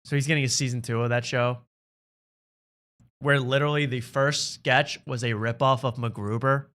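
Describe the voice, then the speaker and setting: Male comedy podcast host, sarcastic and ranty, bright voice. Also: mid-range voice, steady tone, normal speed. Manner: sarcastic, ranting. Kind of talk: casual comedy podcast chat.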